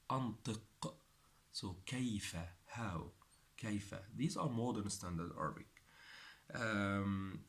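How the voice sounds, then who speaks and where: A young man teaching beginner Arabic phrases, repeating each one slowly and carefully. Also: on the low side, a bit bright. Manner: slow, repetitive, spells out each phrase. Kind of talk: language lesson.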